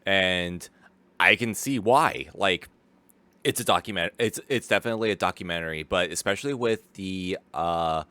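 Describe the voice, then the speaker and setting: A man's voice: low-pitched, moderate pace, pushed and bright, clean tone, dry recording. A man casually commenting as a streamer, rambling with lots of fillers and restarts and laughing easily. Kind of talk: casual live watch-along commentary.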